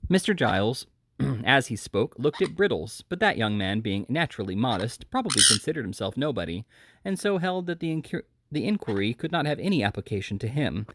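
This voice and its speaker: A man reading a classic novel aloud as an audiobook, lively and expressive, with small slips and restarts. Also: medium pitch, brisk, dry recording. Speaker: audiobook reader.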